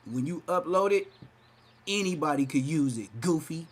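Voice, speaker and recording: A podcast host with a fairly high-pitched voice talks at a normal speed during livestream commentary. He's hyped and brash, mocking people with trash talk and sliding into exaggerated voices.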